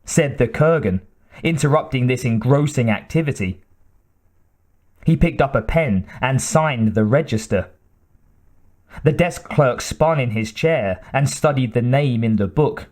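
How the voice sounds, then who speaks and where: A man narrating an audiobook in a measured, dramatic way with deliberate pauses. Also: mid-range voice, lively intonation, a little mellow.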